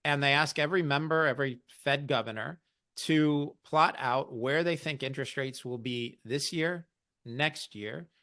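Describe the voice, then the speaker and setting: A man's voice: a little high, fairly bright tone. A man hosting an investing podcast, explaining market news in a casual, wry way. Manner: explanatory, wry, quotes others in mock voices.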